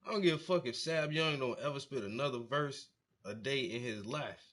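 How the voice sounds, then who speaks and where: A man talks loose and slangy, getting worked up as he hypes an artist in a casual reaction. His voice sits at an ordinary middle pitch, neither deep nor high. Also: normal speed. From South Carolina. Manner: excitable, slangy, hyping up the artist. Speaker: host reacting to music.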